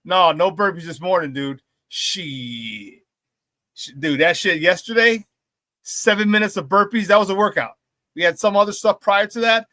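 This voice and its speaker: A man hosting a live sports talk show, talking to the chat with loud, excitable, high-energy hype. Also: normal speed, no echo. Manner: shouts catchphrases, loud and excitable.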